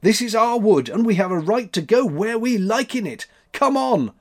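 A man's voice: medium pitch, sing-song, normal speed, husky. A man voicing a brave, brash young boy in a storybook reading. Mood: indignant. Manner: brash, indignant. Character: bold eager young boy.

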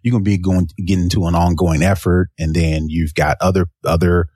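A man's voice: low-pitched, little pitch movement, brisk, a little mellow, husky, dry recording, studio quality. A man co-hosting a casual tech podcast, rambling and searching for words as he explains. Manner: rambling, searching for words, many "you know"s. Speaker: podcast co-host.

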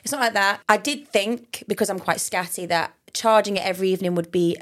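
A woman's voice: medium pitch, brisk. A woman from England co-hosting a podcast in a chatty, casual way, laughing often and swearing freely. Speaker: podcast co-host. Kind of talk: casual chat.

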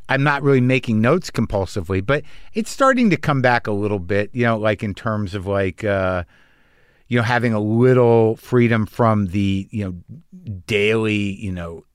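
A middle-aged man in casual conversation, blunt and swearing freely, with halting restarts. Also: on the low side, lively intonation, smooth, no echo, clean studio sound. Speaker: comedian and podcast host.

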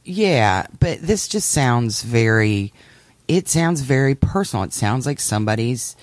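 A man's voice: mid-range voice, animated, measured pace, no echo. A man co-hosting a casual podcast, musing and repeating himself as he works through his thoughts. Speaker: podcast co-host. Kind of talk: casual chat.

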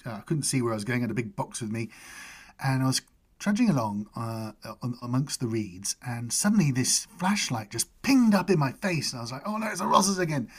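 A middle-aged man, chatting casually and telling lively anecdotes as a podcast host. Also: fairly quick, slightly rough. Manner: animated anecdotes with high-pitched character voices. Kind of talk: casual storytelling chat.

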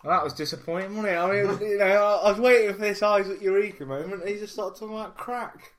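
A man's voice: high voice, quick pace. A man hosting a podcast, sarcastic and teasing in casual banter. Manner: sarcastic, teasing, mock-grumpy. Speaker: podcast host.

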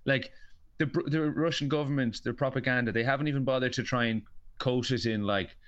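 Wry Irish podcast host. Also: male voice, medium pitch, a little fast. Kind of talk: casual podcast chat. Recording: slightly dull lo-fi sound.

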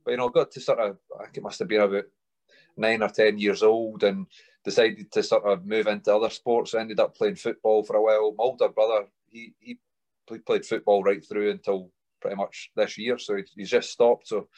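A man's voice: on the low side, level tone, brisk, a little mellow. A man in his thirties with a Scottish accent from the Stirling area, a guest in a casual interview, upbeat and easygoing. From Scotland. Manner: upbeat, easygoing, says aye. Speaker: guest, rugby player.

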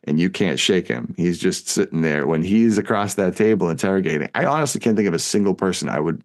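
A man's voice: lively intonation, fast talker, darkish tone. A man co-hosting a film podcast, talking casually and reflectively about a movie and his own past. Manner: reflective, acts out quoted lines with big pitch jumps.

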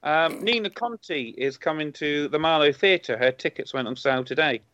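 A man's voice: on the high side, normal speed, a bit bright, no echo. A man, a comedian on a podcast, chatting casually in a playful, teasing way. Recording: dry, dull lo-fi sound.

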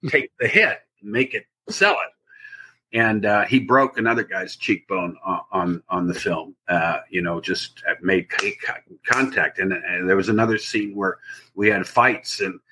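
Guy with a kinda husky lowish voice, rambling through a story, pushy and forceful. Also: measured pace. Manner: rambling, animated anecdote telling. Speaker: actor guest. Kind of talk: casual storytelling interview.

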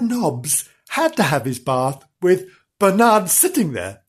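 A man's voice: high voice, very animated, takes it slowly, husky. A man reading a children's story comically, rambling and melodramatically self-pitying between passages. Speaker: storyteller host.

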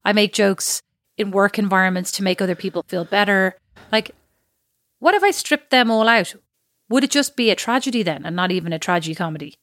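A woman's voice: mid-range voice, animated, a little fast, fairly bright tone, no echo, clean studio sound. A woman co-hosting a podcast in casual chat, who rambles and laughs at her own jokes. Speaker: podcast co-host.

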